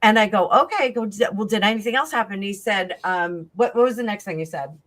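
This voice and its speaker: A woman telling a long personal story in casual chat, rambling and animated, acting out the voices of the people in it. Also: medium pitch, quick pace. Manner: rambling, animated, acts out quoted dialogue. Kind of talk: casual storytelling on a live stream.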